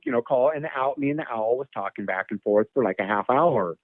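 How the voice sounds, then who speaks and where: A man phoning in as a guest spins a lengthy personal encounter story in a loose, casual way, with repeated words and mimicked animal calls. He talks fast with lively intonation in a mid-range voice, and the thin phone audio has no room sound.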